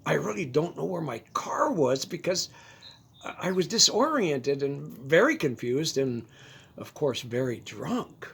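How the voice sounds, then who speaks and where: A storyteller narrating a first-person tale in a halting way, often repeating words. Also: medium pitch, big pitch swings, gravelly, fairly bright tone, breathy edge.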